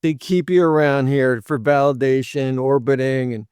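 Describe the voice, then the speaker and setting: A man's voice: mid-range voice, steady tone, moderate pace, a little mellow, clear, resonant tone, no room sound, clean studio sound. A man hosting a dating advice show, lecturing bluntly and sometimes acting out what women say, with short laughs between points. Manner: blunt, lectures directly, acts out women's lines. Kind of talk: opinionated monologue to camera.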